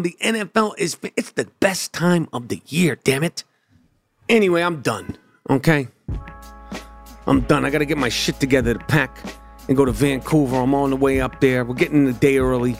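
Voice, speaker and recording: A man's voice: medium pitch, normal speed, vocal fry, faint music behind. A man giving a brash, profane football opinion rant with swaggering trash talk. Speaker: sports commentator.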